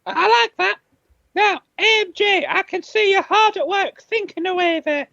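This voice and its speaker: Woman podcast co-host, very high and creaky, playful and crude. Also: normal speed, bright, forceful tone, dry recording, dull audio. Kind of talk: bantering comedy podcast chat.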